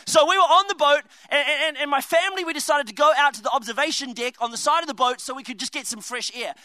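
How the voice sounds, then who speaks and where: Young man, very high voice, dry close sound, animated comedic preacher. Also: fast talker, dry recording. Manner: animated storytelling with laughs and asides. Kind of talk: comedic youth sermon.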